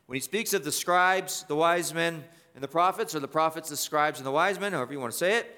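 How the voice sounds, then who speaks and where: A man preaching an expository sermon, emphatic, slowing down and repeating key phrases for stress. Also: on the high side, pushed and bright, clean tone.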